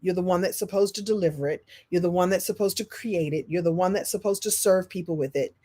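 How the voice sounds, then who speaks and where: A woman hosting a live-stream coaching talk. She is expressive and animated, leaping from loud, high bursts down to soft, low asides and repeating phrases for emphasis. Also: fast talker. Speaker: speaker and business coach.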